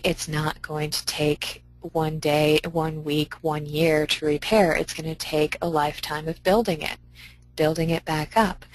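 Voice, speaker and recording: A woman's voice: low voice, low-quality recording. A woman library director giving an upbeat, conversational conference presentation full of practical advice.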